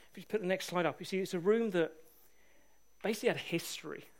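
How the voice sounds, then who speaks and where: Male preacher, high voice, loose humorous storyteller, church sermon.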